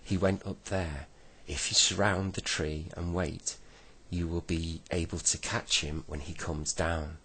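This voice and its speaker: A man's voice: sits low, little pitch movement, a little slow, few pauses, fairly bright tone, breathy edge, full character voice. A man reading a bedtime story, voicing a brave young boy who calls out eagerly and urgently.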